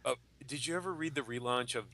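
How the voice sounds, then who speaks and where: A man's voice: mid-range voice, fast talker. A man hosting a podcast, casually chatting and acting out comic book characters' lines as he tells stories. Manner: animated storyteller, acts out comic characters' quotes. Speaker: podcast host. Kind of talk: casual chat.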